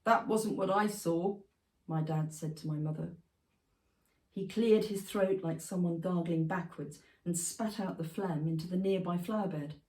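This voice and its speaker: A prize-winning female author reads her own memoir piece at a festival venue, in a measured, expressive way with a low, dark tone. The literary reading was recorded from a distance in an echoey, roomy space.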